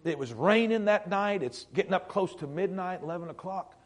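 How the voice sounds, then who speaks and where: A middle-aged man, preaching a sermon as a pastor, telling a story earnestly with halting repeats and hushed moments. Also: sits high.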